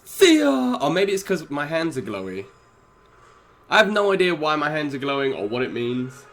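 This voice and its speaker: A young man streaming a fighting game, chatting with viewers in a casual, excitable way and laughing often. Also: on the high side, normal speed. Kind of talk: casual gaming stream chat.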